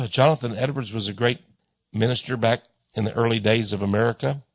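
A man preaching and pitching his book in a folksy way, chuckling often and restarting his sentences. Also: a little fast, slightly rough, no room sound. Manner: chuckling storyteller with many stammered restarts. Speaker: author and Christian speaker. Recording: dull lo-fi recording.

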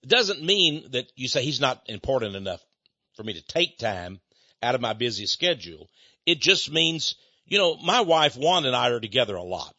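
Here a sing-song, medium-pitched male voice with a sharp tone moves at normal speed, with no room sound. He's an older preacher with a chatty, folksy manner who laughs a lot and acts out quoted voices in little conversations. The audio is dull, dry and lo-fi.

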